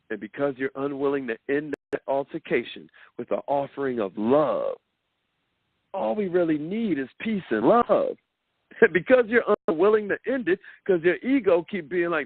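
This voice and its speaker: A man's voice: high-pitched, no room sound. A man giving a motivational talk in a preacher-like way, repeating words and acting out the voices he quotes. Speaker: motivational speaker. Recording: dry tinny phone-like sound.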